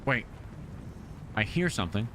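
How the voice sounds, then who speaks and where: A man streaming a video game live, chatting casually and excitably shouting thanks to his supporters. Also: on the low side, measured pace, slight background noise.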